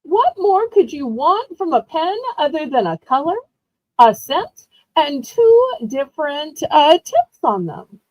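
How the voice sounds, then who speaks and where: Woman, relaxed seller who chats as she goes, slightly high voice, dry close recording. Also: takes it slowly, no room sound, low-quality recording. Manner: chatty, rambling storyteller with frequent laughs. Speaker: live-stream auction host. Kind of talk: casual live-stream selling chat.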